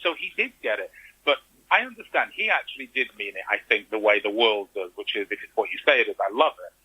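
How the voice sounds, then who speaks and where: A man's voice: medium pitch, lively intonation, quick pace, bright, forceful tone, husky, poor audio. A man telling his story as an interview guest, animatedly acting out the reactions he quotes. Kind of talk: conversational interview.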